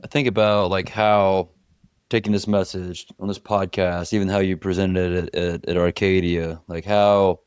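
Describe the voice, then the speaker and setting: Deep-voiced male podcast co-host. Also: flat delivery, normal speed, darkish tone, clean tone, dry recording, studio quality. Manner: stumbling restarts while forming questions. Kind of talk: interviewing.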